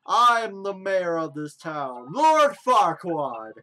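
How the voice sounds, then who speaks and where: A woman voicing a pompous, self-important male mayor who greets visitors with loud, drawn-out proclamations. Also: lowish voice, very animated, heavily acted.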